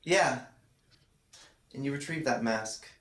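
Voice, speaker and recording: A man narrating as game master, describing scenes at length and pausing often to search for words. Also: mid-range voice, fairly bright tone. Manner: descriptive, hesitant, with fillers. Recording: roomy room sound.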